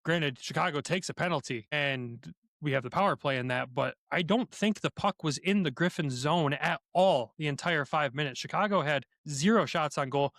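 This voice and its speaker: A man's voice: a little high, normal speed, fairly bright tone, no room sound, studio quality. A man co-hosting a hockey podcast, recapping games with energy, step by step. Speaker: podcast co-host. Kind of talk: game recap commentary.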